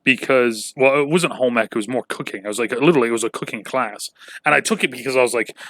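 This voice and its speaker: A man's voice: medium pitch, fast, a bit bright, dry recording. A young man from England telling stories in a casual podcast chat, full of fillers and swearing. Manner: chatty storyteller, lots of filler and swearing.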